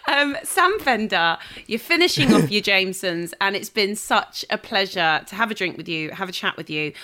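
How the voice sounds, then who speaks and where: A woman hosts a relaxed chat with a guest, and her voice has a bright, sharp edge. She is encouraging and friendly as she asks questions and wraps up. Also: medium pitch, normal speed. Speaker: host. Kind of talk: casual chat.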